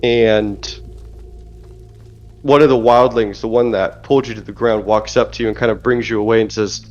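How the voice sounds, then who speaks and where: A man narrating a tabletop game as game master, speaking in a measured, descriptive way. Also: fairly low pitch, fairly even intonation, darkish tone. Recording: dull lo-fi audio with faint music.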